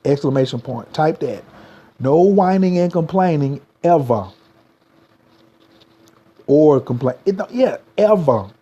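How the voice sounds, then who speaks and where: A man's voice: a little high, expressive, a little slow, pauses often, warm tone, breathy edge, lo-fi sound. A man, giving a motivational livestream talk as a spiritual coach, repeating slogans and urging viewers to type them.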